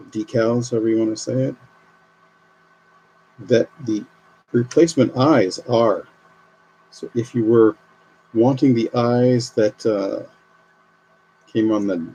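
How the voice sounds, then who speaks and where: A man's voice: on the low side, gravelly, dark tone, a little hiss or hum, poor audio. A man live streaming as he builds a model kit, chatting and thinking aloud as he works. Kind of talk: casual live stream commentary.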